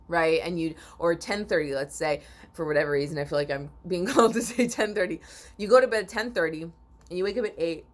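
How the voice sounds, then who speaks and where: Sleepy, rambling woman reading oracle cards. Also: on the low side. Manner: rambling, repeats and restarts, clears throat often. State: sleepy, yawning. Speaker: oracle card reader. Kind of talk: spiritual card reading to camera.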